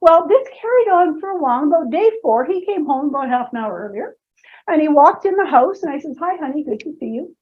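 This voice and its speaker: A woman with a bright, high voice leads a seminar, weaving playful personal anecdotes into her teaching and tossing asides to the audience. The recording sounds dull and lo-fi. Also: animated, fairly quick. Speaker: presenter and personality trainer. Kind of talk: humorous storytelling seminar talk.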